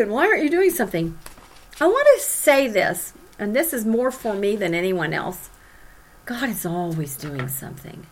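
Animated woman teaching a Bible study. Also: medium pitch. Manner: animated, dramatic emphasis when reading prophets' cries. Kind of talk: sermon with scripture reading.

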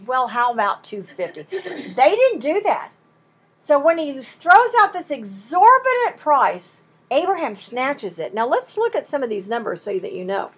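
A woman teaching a Bible study in an animated way, acting out the bargaining in quoted voices. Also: high-pitched. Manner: lively, acts out the haggling in quoted voices.

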